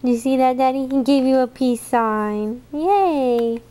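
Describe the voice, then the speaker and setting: A woman's voice: high voice, slow, mellow, a little hiss or hum. A mother cooing affectionately to her baby in baby talk.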